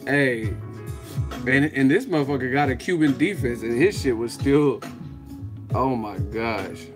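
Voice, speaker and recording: A man hosting a live show, talking casually with a profane, animated manner and frequent laughter. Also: mid-range voice, measured pace, music in the background. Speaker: host.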